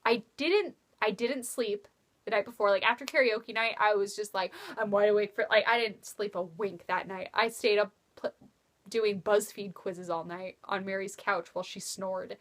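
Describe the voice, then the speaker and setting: A young woman telling a rambling story in a casual vlog, swearing freely and acting out quotes with sudden jumps in pitch. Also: steady tone, moderate pace. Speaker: vlogger.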